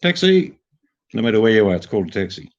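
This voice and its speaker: A man's voice: on the low side, rapid-fire, a little mellow. An older man with an Australian accent, chatting casually and telling jokey stories to a livestream audience. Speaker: livestream host. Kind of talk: casual chat. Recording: dull lo-fi sound.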